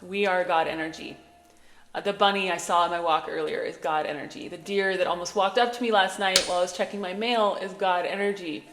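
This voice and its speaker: A woman's voice: fairly low pitch, steady tone, a little fast, noisy background. A woman giving spiritual guidance in a casual, earnest, reassuring way, talking straight to her listeners. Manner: earnest, conversational, reassuring, with fillers and asides. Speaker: spiritual channeler. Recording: echoey room with long reverb.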